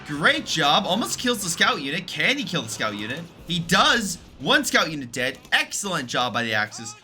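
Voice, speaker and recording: A man's voice: a little high, wildly swooping pitch, moderate pace, bright, forceful tone, soft background music. A man casually commentating a strategy game replay, rambling and chatty, with many fillers and self-corrections. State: recovering from illness.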